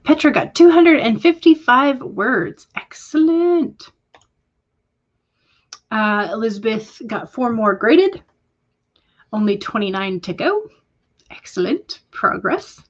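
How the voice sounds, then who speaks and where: A woman with a somewhat high, sing-song voice hosts a casual writing livestream, speaking a little slowly. She reads viewer comments aloud and answers them warmly, with hesitant fillers along the way, and the audio has its highs cut off.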